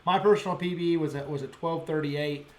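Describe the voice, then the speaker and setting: A man hosting a fishing show, telling fish stories in casual, excited chat with sound effects and frequent restarts. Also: fairly high pitch, brisk, roomy sound.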